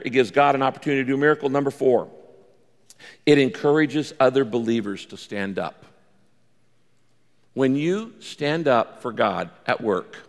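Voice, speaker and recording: Gravelly preacher in a big reverberant hall. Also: male voice. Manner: animated preacher, acts out quoted lines with big pitch jumps. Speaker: pastor. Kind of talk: sermon. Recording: long reverb of a large hall.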